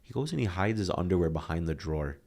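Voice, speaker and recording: A man's voice: sits low, quick pace. A man in his thirties, a podcast guest, telling earnest stories and acting out quotes as he talks. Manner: earnest, animated storytelling with acted-out quotes. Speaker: guest, motivational speaker. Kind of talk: candid podcast conversation.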